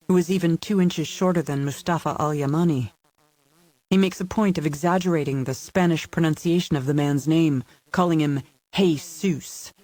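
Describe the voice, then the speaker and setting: A man reading a thriller audiobook aloud in an even, measured scripted narration. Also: on the high side, no room sound.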